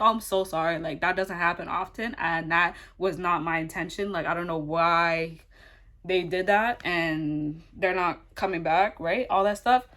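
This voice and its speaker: A young adult woman vlogger telling a story in casual chat, rambling and animated, full of fillers and swearing. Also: lowish voice.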